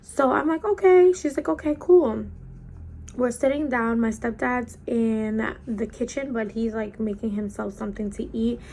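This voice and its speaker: A young woman vlogger telling a personal story in a casual storytime chat, acting out the quotes in lively voices. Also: a little high, normal speed, hardly any pauses, a little hiss or hum. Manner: animated, acts out quotes in changing voices. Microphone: camera mic while doing makeup.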